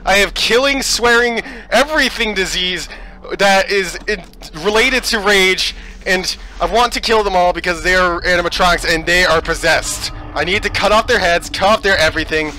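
A man giving let's play commentary, excitable and swearing as he yells at the game. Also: high voice, normal speed, low-quality recording.

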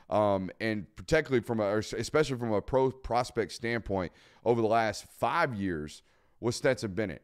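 A man's voice: mid-range voice, clear, resonant tone. A man hosting a live sports talk show, emphatic and blunt, repeating points for stress. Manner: blunt, casual swearing. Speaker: podcast host.

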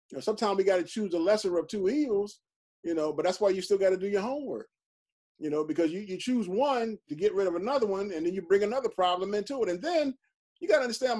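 High-voiced pastor teaching emphatically. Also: male voice, darkish tone. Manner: conversational, emphatic, frequent "you know". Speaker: pastor leading Bible study. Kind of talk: informal Bible study teaching.

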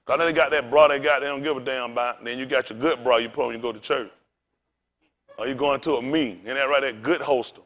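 High-voiced animated male preacher. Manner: rowdy, colloquial preaching with call-and-response. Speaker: pastor. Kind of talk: sermon.

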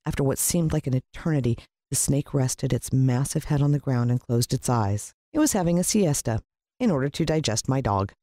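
In studio-quality audio without any echo, a narrator expressively reads a children's adventure tale, jumping up in pitch whenever characters speak.

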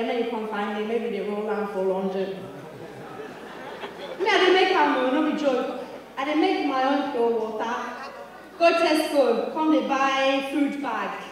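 Woman doing stand-up in an echoey theatre. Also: high voice. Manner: chatty, teasing the crowd, lots of interjections. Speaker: stand-up comedian. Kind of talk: stand-up set in Nigerian Pidgin. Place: large theatre stage. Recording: echoey theatre hall from a distance.

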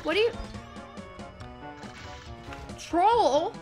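A young woman streamer chatting excitedly over gameplay, giggling and squealing often. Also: very high-pitched, very slow, music in the background. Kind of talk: casual gameplay commentary.

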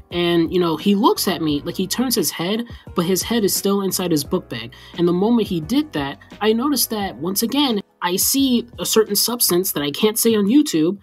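A woman with a fairly low voice tells a casual story time, filling her talk with fillers. Her delivery is rambling and chatty. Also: a little mellow.

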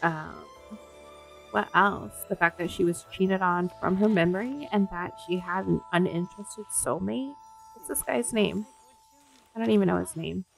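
A woman hosting a let's play, commenting in an excitable, giggly and crude way. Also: lowish voice, a little slow, vocal fry, soft background music. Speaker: gaming video host.

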